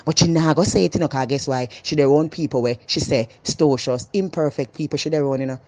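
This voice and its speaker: Jamaican woman vlogger, loud, animated and emphatic, dry close sound. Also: low voice, brisk, no echo. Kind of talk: casual opinionated monologue.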